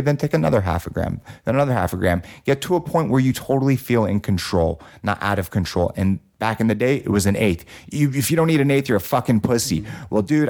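A man's voice: medium pitch, darkish tone. A man hosting a casual podcast chat, telling a personal story in a loose, profane way full of fillers. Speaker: podcast host.

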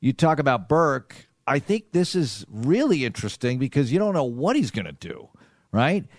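A man's voice: mid-range voice, big pitch swings, moderate pace, no echo. A male sports radio host talks in an easy, conversational way, moving between football talk and contest details. His voice sits in the middle range, and the studio sound is close and dry. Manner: conversational, runs promos and questions. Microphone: studio microphone.

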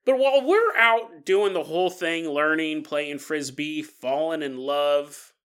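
Here a man with a fairly high, clear, resonant voice and a fairly bright tone takes his time. He hosts a podcast, telling ghost stories casually and joking around as he goes.

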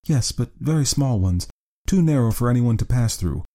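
A man reading an audiobook, voicing an anxious young woman client in a high, breathless voice. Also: animated, moderate pace, warm tone, natural voice.

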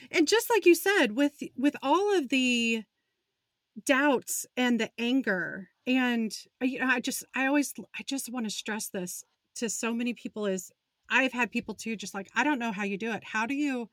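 A woman's voice: fairly high pitch, moderate pace, a bit bright, dry recording, studio quality. A woman in her forties hosting a faith-based interview, speaking in an encouraging, conversational way. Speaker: host.

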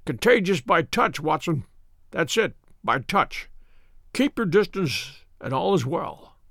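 A man performing a gravely ill detective in a storybook reading, croaking and feeble yet sharply imperious. The voice is slow and strained, with dry close sound. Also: a little high, very animated, a bit bright, dry recording, full character voice. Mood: feverish commanding.

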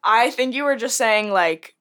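A woman's voice: fairly high pitch, animated, unhurried, a bit bright, smooth. A teenage girl talking casually and rambling a bit, using "like" often. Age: teens. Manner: rambling, uses "like" a lot. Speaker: interviewee, sister. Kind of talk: casual recollection.

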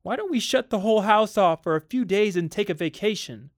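A tense, tearful housewife, as a man reads her lines in a storybook reading. Her voice rides high and strained, close to breaking. The sound is dry and close. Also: animated, brisk, no room sound. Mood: pleading. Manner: high, strained, near tears. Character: anxious, tense housewife, adult woman.

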